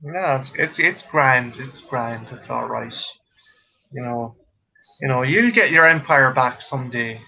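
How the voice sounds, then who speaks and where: A man's voice: medium pitch, expressive, unhurried, vocal fry, pushed and bright. A man with an Irish accent in a casual, jokey chat, swearing freely and laughing often. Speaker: friend in a chat. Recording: dull lo-fi sound.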